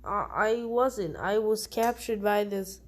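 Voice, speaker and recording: A woman's voice: mid-range voice, takes it slowly, natural voice. Deku, a woman doing an earnest teen boy. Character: earnest gentle teenage boy.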